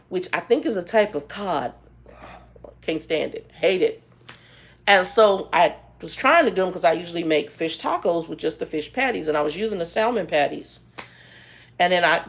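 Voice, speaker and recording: A woman in her fifties chatting casually on her vlog, telling stories with a sarcastic, animated manner. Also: fairly low pitch. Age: 50s. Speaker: vlogger and ministry leader. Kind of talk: casual chat, storytelling.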